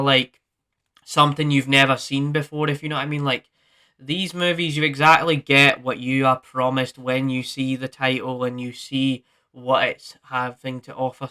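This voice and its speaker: Man, movie review vlog host, rambling casual talk, very bright, clean smooth voice. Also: mid-range voice. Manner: rambling, many fillers and restarts.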